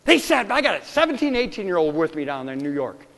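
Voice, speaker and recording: Man, pastor, very high voice for a man, passionate sermon, conversational, long hall reverb. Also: very animated, quick pace, gravelly, a bit bright. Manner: passionate, conversational preaching with repeated restarts.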